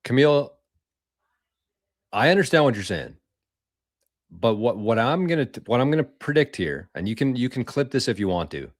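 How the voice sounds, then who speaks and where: A man's voice: mid-range voice, sing-song, moderate pace, pauses often, no echo, studio quality. A man hosting a casual live-stream show, rambling loosely and swearing freely as he chats with viewers. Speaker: podcast host.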